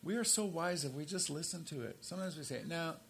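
A man in his sixties preaching a sermon as pastor, swinging from emphatic, raised stresses down to low, quiet asides. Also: animated, fast talker, creaky, a little hiss or hum. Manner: emphatic, rises to forceful stresses then drops low and quiet.

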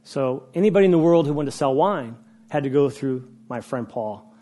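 A man in his sixties giving a personal storytelling speech to a group, animated and conversational, with frequent restarts. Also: mid-range voice, moderate pace. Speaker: speaker addressing a group.

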